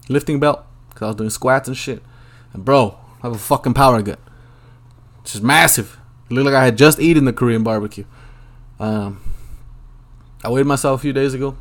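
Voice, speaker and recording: A young man hosting a solo podcast, rambling casually and swearing a lot in a laid-back way. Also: mid-range voice. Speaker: podcast host. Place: Los Angeles, at home.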